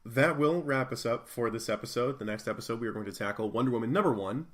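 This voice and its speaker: A man's voice: mid-range voice, quick pace, fairly bright tone. A man co-hosting a podcast, casually discussing comics with wry, mock-sceptical asides and wrapping up the episode. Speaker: podcast co-host.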